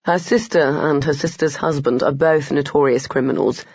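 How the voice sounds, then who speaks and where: This is a narrator doing a laid-back Frenchman with a French accent, gallant and unhurried. The voice comes out husky and dry, with a dull, lo-fi quality. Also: medium pitch, darkish tone, no echo. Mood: easygoing. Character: easygoing Frenchman, a relaxed gallant.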